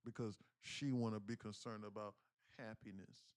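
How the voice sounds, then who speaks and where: A man's voice: on the low side, fairly even intonation, normal speed, a little mellow, clear, resonant tone, dry recording, clean studio sound. A man in his thirties telling a profane, emphatic story on a day trading livestream, with frequent restarts.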